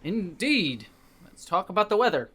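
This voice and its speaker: A person voicing a brooding, resigned young male lord in a flat, weary tone, as a comic dramatic reading. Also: medium pitch, normal speed, slightly rough.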